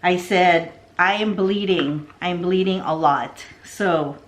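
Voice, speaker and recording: A middle-aged woman who vlogs about succulents tells a long, rambling story in a casual way as she arranges plants, frequently slipping into soft asides. Her voice sits on the low side and she takes her time.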